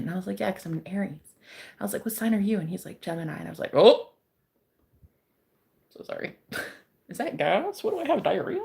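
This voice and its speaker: A brash woman talks in casual chat, teasing and joking between frequent bursts of laughter. Her voice has a gravelly edge. It swings widely in pitch as she talks. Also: animated, fairly quick. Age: adult, married eight and a half years. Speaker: psychic streamer.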